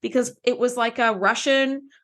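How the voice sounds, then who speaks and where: Podcast co-host, woman, higher pitch, casual and animated recap with frequent laughs. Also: normal speed. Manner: animated, laughs often, acts out characters' lines.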